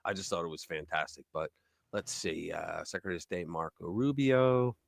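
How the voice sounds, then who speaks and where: A man's voice: sits low, normal speed, vocal fry, no echo, clean studio sound. A man hosting a live stream, chatting casually, joking and reading news aloud. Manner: animated, joking, reads articles aloud. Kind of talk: casual commentary chat.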